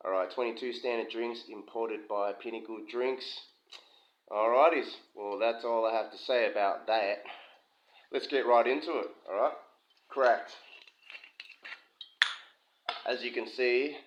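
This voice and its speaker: A man's voice: lowish voice, slight background noise. A man giving a casual, rambling whisky review from his home kitchen, full of asides. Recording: dull lo-fi sound with slight room echo.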